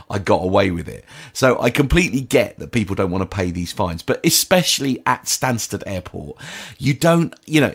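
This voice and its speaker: A man from the east of England with a lowish voice co-hosts a relaxed podcast. He skims news items and jumps into chatty, amused asides as he goes. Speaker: podcast co-host. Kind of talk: casual podcast chat, reading a news story.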